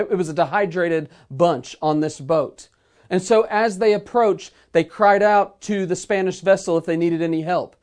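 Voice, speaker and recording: Male pastor, slightly raised pitch, measured sermon delivery with slow emphatic stresses. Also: darkish tone. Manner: earnest, measured preaching with slowed emphatic phrases. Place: remote sermon streamed online.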